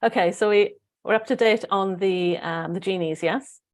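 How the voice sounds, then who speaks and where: A woman's voice: mid-range voice, moderate pace. A woman with a Welsh accent hosting a casual spiritual group chat, rambling and restarting as she searches for words. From Wales. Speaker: host.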